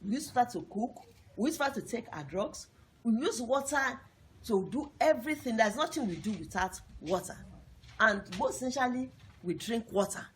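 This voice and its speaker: A woman's voice: fairly high pitch, animated, normal speed, a little hiss or hum. Woman teacher, repetitive and emphatic. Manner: repetitive, emphatic, asks the class questions. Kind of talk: classroom lesson to young pupils.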